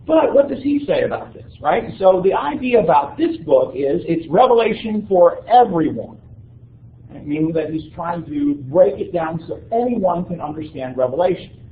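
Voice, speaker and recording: A man's voice: sits high, a little hiss or hum. A man giving a university lecture in a conversational way, often checking in with his listeners. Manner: conversational, keeps checking in with "right?". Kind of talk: classroom lecture. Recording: echoey room, tinny phone-like sound.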